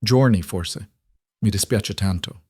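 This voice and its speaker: A man's voice: fairly low pitch, unhurried, darkish tone, husky, dry recording, studio quality. Worried nurse lady, strained and apologetic, urgent as a man reads her. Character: worried woman nurse bearing bad news.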